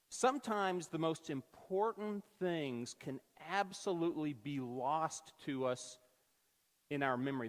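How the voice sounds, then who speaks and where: Guy preaching in a big echoey church, kinda high voice, tells stories and acts out the voices. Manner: animated storyteller acting out quoted voices. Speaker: pastor. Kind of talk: sermon storytelling. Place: church sanctuary. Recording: long church-hall reverb.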